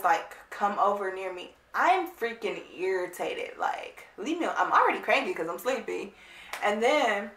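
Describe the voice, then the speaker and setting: A woman vlogger telling a casual storytime, animated, blunt and emphatic. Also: medium pitch, vocal fry. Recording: roomy, distant mic.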